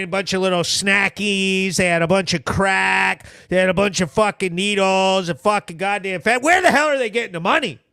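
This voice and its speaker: A man with a New England accent hosting a live stream, ranting loudly and profanely, mocking people and acting out what they said. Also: high-pitched, vocal fry, smooth, no echo, studio quality. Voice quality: loud, profane, mocking and theatrical. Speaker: livestream host.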